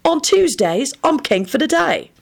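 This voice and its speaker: Sirius is a brash young troublemaker who crows and taunts at the top of his voice, as a woman puts him on. His pitch jumps high and swings wildly, loud and mocking in a storybook reading. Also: big pitch swings, a little slow, gravelly, heavily acted. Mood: cocky. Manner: loud, mocking, sing-song. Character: brash cheeky young man, rowdy joker.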